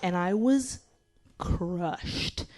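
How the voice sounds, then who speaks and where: A woman telling a comedic personal story as a guest at a live show, animated and profane, laughing as she goes. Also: on the low side, drawn-out words.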